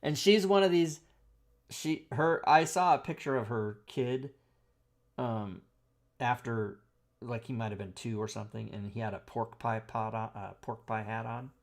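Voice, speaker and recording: A man with a mid-range, gravelly voice hosts a talk show, speaking a little slowly in casual chat. He tells crude, rambling stories and laughs a lot.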